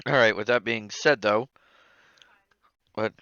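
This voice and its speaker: A man running a tabletop game as game master, relaxed, with frequent laughter and fillers. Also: lowish voice, clear, resonant tone, dry recording, dull audio.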